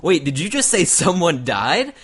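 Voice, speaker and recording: A woman's voice: fairly low pitch, sing-song, moderate pace, breathy edge, voice pushed up. A man voicing a puzzled, firm woman emergency operator.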